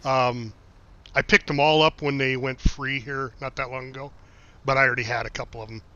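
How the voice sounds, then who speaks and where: This middle-aged US streamer keeps a casual live-stream chat going, reading messages and telling rambling anecdotes laced with swearing and laughter. His medium-pitched voice barely moves in pitch, runs a little fast, and sounds pushed and bright; the dull lo-fi mic recording is dry, with no room sound.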